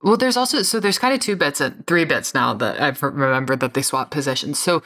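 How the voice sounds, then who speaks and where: Co-host, female, low-pitched, exasperated profane ranter, casual delivery. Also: expressive, a little fast, pushed and bright. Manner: ranting, profane, sarcastic. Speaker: podcast co-host. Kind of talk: casual recap chat.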